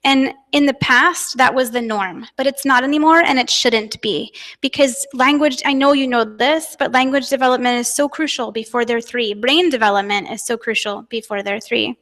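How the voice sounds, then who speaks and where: A woman's voice: on the high side, moderate pace, few pauses, a bit bright. Earnest American woman in a reverberant hall. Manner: earnest, personal, emotional at times. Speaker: conference speaker, parent advocate. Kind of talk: conference talk. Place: conference hall.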